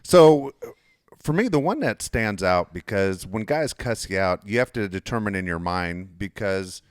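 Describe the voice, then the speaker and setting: A man's voice: lowish voice, unhurried, clear, resonant tone, no room sound, studio quality. A man in his fifties, a podcast host who worked in sports media, telling stories casually and with plenty of swearing, raising his voice when he acts out arguments. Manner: animated, profane, acts out quarrels in a raised voice. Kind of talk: casual storytelling.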